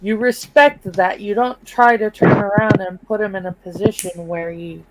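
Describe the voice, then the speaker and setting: A woman on a casual podcast chat, speaking bluntly and deliberately. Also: mid-range voice, background noise.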